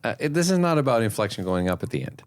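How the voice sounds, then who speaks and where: A man's voice: mid-range voice, very animated, quick pace. A man co-hosting a casual podcast about selling insurance, emphatic and playful as he explains his points. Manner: emphatic and playful, acts out client exchanges. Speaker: podcast co-host and insurance sales trainer.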